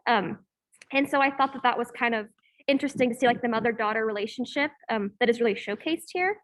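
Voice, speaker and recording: This is a young woman, a student, guiding a class discussion on a video call from an echoey campus hall room. Her voice sits a little high and moves fast, and she hesitates often, leaning on many "um"s and "like"s.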